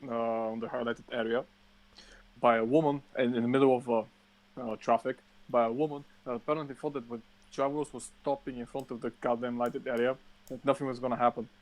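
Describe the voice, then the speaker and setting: A man co-hosting a casual podcast, telling an animated, swear-filled rant. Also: medium pitch, brisk. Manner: profane animated ranting storyteller. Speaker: podcast co-host.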